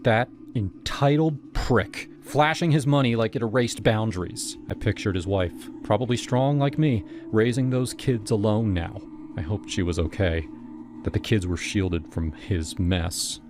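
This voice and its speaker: A man narrating a scripted first-person horror story in a steady, even manner. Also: on the low side, a little slow. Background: music.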